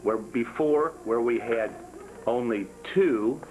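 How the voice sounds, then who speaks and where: A man's voice: mid-range voice, slow, noisy background. An older man demonstrating how to make a rosary to a small class, folksy and jokey, repeating himself and counting steps aloud. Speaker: rosary-making instructor. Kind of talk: hands-on craft demonstration.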